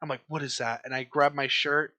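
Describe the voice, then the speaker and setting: A young man co-hosting a casual podcast chat, telling stories in an animated way and acting out his own panicked quotes. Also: medium pitch, brisk. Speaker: podcast co-host.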